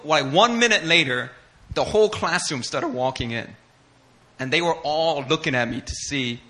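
Animated preacher with bright, lively voice. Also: male voice, on the high side. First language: Korean. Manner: animated, acts out voices, laughs often. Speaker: pastor. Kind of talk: sermon storytelling.

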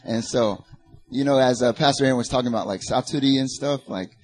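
A man's voice: mid-range voice, brisk, darkish tone. A young man from North Carolina with a Southern accent, giving a chatty, joking talk to a church group full of fillers. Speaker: guest speaker. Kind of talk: casual church talk and spoken word.

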